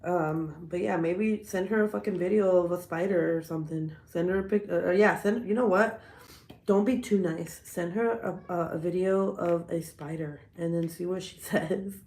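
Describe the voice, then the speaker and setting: A woman's voice: fairly low pitch, fairly even intonation, moderate pace, a little mellow, reverberant. A woman hosting a casual hangout video, joking and swearing as she rambles, with a cold. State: sick with a cold, coughing. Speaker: vlogger hosting a hangout livestream. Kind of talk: casual chat.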